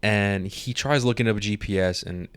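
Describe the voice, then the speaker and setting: A man's voice: fairly low pitch, normal speed, smooth, no echo. A young man co-hosting a podcast, casually retelling a horror episode with slangy quoted lines. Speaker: podcast co-host. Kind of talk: casual spoiler review chat.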